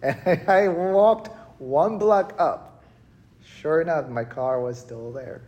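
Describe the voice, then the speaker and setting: A male pastor preaching a sermon in a church, telling a story with animated, acted-out panic. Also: on the high side, slow, lo-fi sound. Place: church hall.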